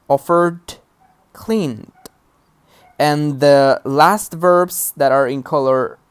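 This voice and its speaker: A woman teaching English grammar and pronunciation in a recorded lesson, explaining patiently step by step and checking in with the learner. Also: low-pitched.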